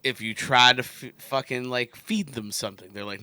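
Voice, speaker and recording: Bright-voiced profane man ranting. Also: medium pitch, moderate pace, no echo. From United States. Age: late 30s. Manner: animated, profane, acts out voices mid-rant. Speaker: podcast co-host. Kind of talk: casual chat.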